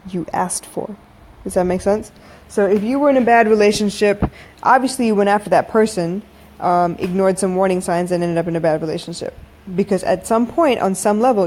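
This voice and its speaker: A woman's voice: mid-range voice, darkish tone. A woman in her thirties hosting a late-night podcast, chatting frankly with listeners and calling them y'all. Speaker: podcast host. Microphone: phone-recorded live audio.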